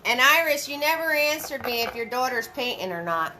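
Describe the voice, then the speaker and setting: A woman's voice: sits high, expressive, a little fast, sharp tone, faint music behind. A woman hosting a live painting lesson, giving step-by-step brush instructions, repeating her key phrases and chatting with viewers by name. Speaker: paint party instructor and host.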